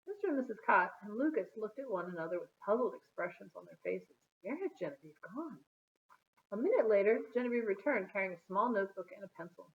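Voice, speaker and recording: Woman reading children's book aloud, expressive storytelling, lively pitch, narrow phone-like audio. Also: a little fast. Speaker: storybook reader.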